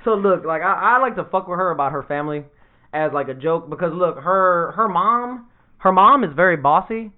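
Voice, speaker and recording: A man's voice: high voice, lively intonation, normal speed. A man in casual podcast banter, joking and swearing a lot and laughing often at his own stories. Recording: phone-like narrow sound.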